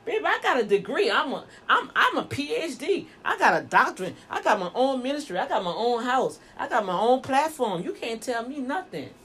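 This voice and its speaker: Lady doing a stuck-up show-off, high, snappy. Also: very animated, brisk, few pauses, fairly bright tone, slightly rough, exaggerated voice. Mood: boastful. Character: boastful proud woman, defensive, showing off.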